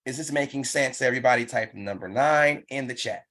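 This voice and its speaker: A man's voice: medium pitch, brisk, fairly bright tone. Male business trainer, live online session, emphatic and repetitive, pushes the audience to act. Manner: pumped-up, urging.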